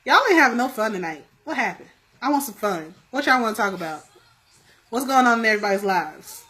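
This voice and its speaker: A woman co-host chatting late at night with a friend, a little tipsy from drinks. Her voice sits high and sounds bright. She laughs a lot, swears freely and talks over the other speaker. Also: expressive. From United States. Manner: loud laughing, profane, quick to cut in. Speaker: podcast co-host. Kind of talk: casual late-night chat.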